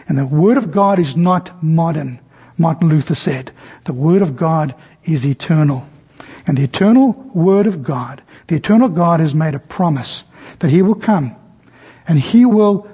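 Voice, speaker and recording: Man, preacher, sermon, storytelling, fairly high voice, husky tone. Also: warm tone. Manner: storytelling, acts out voices in anecdotes. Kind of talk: sermon with illustrations.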